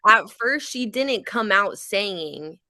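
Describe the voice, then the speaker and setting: A woman's voice: medium pitch, animated, slow, bright, forceful tone, no room sound, clean studio sound. A woman co-hosting a podcast, talking in a frank, emphatic casual way and laughing readily. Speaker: podcast co-host. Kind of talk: casual chat.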